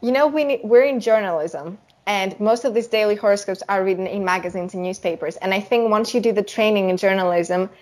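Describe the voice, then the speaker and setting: A woman's voice: medium pitch, fairly quick, hardly any pauses, darkish tone. Young woman co-hosting, chatty and explaining. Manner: explanatory, uses "you know" and "like" often. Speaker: podcast co-host. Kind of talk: casual chat.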